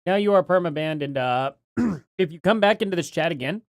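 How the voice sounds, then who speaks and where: A man's voice: a little high, lively intonation, brisk, no echo, studio quality. A man hosting a casual live stream, rambling and thinking aloud as he reads names from chat.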